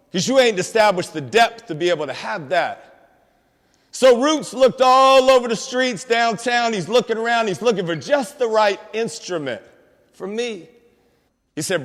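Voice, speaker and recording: High-voiced man preaching in a hall. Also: normal speed, fairly bright tone. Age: 50s. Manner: preachy, streetwise, calls out to the crowd. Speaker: motivational speaker. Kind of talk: inspirational school assembly talk. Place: school auditorium. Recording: long hall reverb in a large auditorium.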